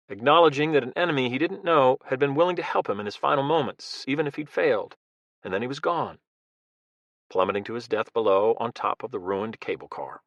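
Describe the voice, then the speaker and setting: Bright, dramatic male audiobook narrator. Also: medium pitch, lively intonation, no room sound, muffled recording. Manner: measured, dramatic storytelling.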